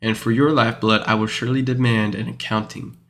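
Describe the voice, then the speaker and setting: A man's voice: lowish voice, little pitch movement, fairly quick, fairly bright tone, slight background noise. Casual man leading a Bible study. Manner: casual, rambling, frequent fillers and self-corrections. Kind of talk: informal Bible study reading and commentary.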